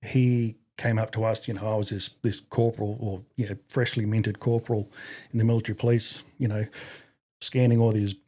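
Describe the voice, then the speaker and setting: A man's voice: fairly low pitch, brisk. A man with an Australian accent telling a long, profane army story in casual conversation, acting out the people he quotes. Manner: profane, animated, acts out quotes. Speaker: guest.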